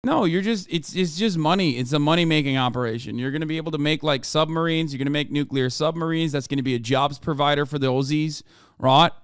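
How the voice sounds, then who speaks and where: A male streamer in his thirties with a fairly high, smooth voice, cursing freely as he talks over the news. The sound is dry and close, and his delivery keeps turning into animated rants. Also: fairly quick, no room sound. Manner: profane, animated ranting. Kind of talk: casual livestream commentary.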